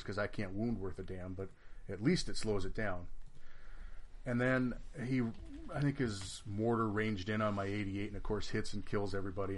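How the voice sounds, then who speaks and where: A man's voice: fairly low pitch, a little hiss or hum. A man in casual podcast chat, recounting a tabletop game with lots of swearing and acted-out back-and-forth. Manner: swears freely, animated storytelling that acts out both sides of the argument.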